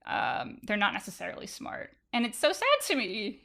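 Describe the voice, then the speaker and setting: A woman hosts a podcast and explains research in an engaged, conversational way. Her voice is bright and forceful at a middle pitch. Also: lively intonation, moderate pace, vocal fry. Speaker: podcast host. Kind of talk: casual interview talk.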